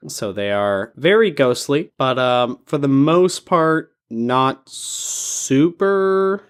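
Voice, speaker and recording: Unhurried young man with lively pitch. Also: clean tone. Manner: unhurried, playful, swings in pitch. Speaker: podcast co-host. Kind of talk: casual chat.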